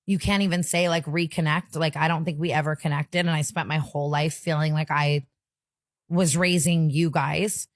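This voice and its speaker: A woman's voice: deep voice, steady tone, moderate pace, dry recording. Tearful young woman, close to crying. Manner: tearful, filler-heavy storytelling. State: close to tears. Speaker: podcast host. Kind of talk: emotional casual chat.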